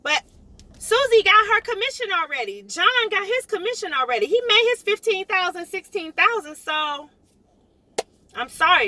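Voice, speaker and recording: High, bright, fired-up woman ranting. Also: moderate pace, dry recording. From South Florida. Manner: emphatic, animated, repeats lines for emphasis. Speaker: realtor. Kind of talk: impassioned vlog rant.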